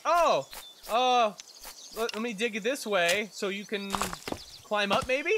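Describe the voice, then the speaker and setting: A man giving excitable live commentary on a game he is playing, talking to himself and to his characters and swearing when something startles him. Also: sits high, takes it slowly, background noise. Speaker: let's play gamer. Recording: loud game sounds behind voice.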